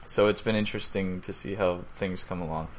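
A man's voice: low voice, fairly even intonation, a little fast, slight background noise. A man co-hosting a casual podcast in person, rambling and joking, with lots of fillers and restarts. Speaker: podcast co-host. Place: indoor room, recorded in person with co-host.

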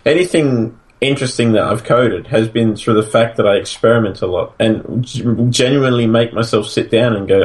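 A man's voice: medium pitch, a little fast, few pauses. A man co-hosting a podcast in casual chat, rambling and restarting his sentences. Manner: rambling, restarts often, laughs at own stories. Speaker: podcast co-host.

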